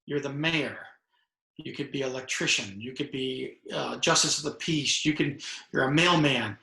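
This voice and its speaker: Gravelly, bright-voiced man telling stories. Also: medium pitch, normal speed. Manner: storytelling, acts out dialogue, many restarts. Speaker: author and retired correctional officer. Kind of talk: conversational interview answers. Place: home room over video call. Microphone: video call. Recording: echoey video call room.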